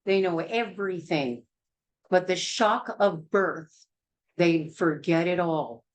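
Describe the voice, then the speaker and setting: A woman's voice: fairly low pitch, slow, rough recording. Blunt, emphatic woman teaching childbirth. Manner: blunt, emphatic and hard-hitting. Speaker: childbirth educator.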